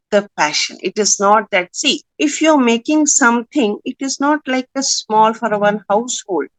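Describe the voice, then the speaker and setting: Earnest woman giving a workshop talk. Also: medium pitch. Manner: earnest, emphatic, persuasive. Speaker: workshop speaker, skincare brand owner. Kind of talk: motivational online workshop talk.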